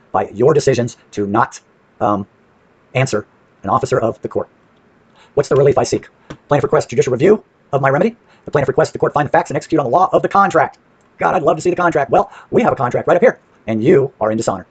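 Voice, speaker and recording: A man's voice: a little high, husky, dry recording. A man with a brash, profane manner, casually walking through paperwork on screen and asking and answering his own questions.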